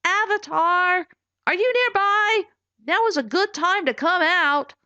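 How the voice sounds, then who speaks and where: A woman's voice: a little high, sing-song, unhurried, dry recording. A woman playing a firm, cautious boy. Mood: calling out. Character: cautious young boy, protective companion. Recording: dull lo-fi recording.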